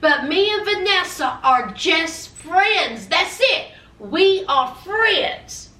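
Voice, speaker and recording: A woman's voice: extremely high pitch, lively intonation, takes it slowly, pushed and bright, far from the mic, heavily acted. A woman voicing an earnest young man pleading with his partner, in a coaxing, persuasive way. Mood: reassuring. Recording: echoey room, away from mic.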